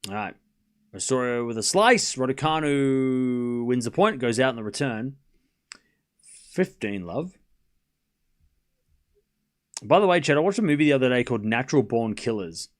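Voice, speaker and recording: A man's voice: medium pitch, lively intonation, normal speed. A man hosting a live tennis watchalong stream, calling scores and chatting casually with viewers, rambling and laughing often.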